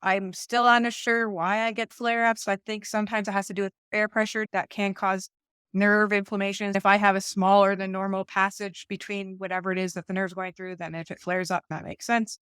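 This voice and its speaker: A woman's voice: mid-range voice, level tone, fairly quick, fairly bright tone, smooth, no room sound, studio quality. A woman in her forties co-hosting a conversational faith podcast, talking things through with lots of asides and restarts. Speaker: podcast co-host. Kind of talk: casual conversational podcast chat.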